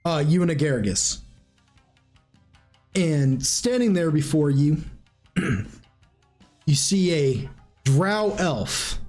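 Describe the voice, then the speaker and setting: A man's voice: fairly high pitch, sing-song, drawn-out words, pauses often, darkish tone, soft background music. A man running a tabletop game as game master, narrating in a rambling, informal way with restarts. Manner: rambling, informal, frequent restarts and clearing throat.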